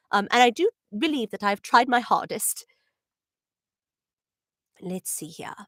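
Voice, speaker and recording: A woman's voice: on the high side, a bit bright, no echo, clean studio sound. Giggly, chatty woman streamer. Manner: chatty, with many ums and giggles. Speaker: voice actor hosting a livestream Q&A. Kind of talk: casual livestream chat reading questions.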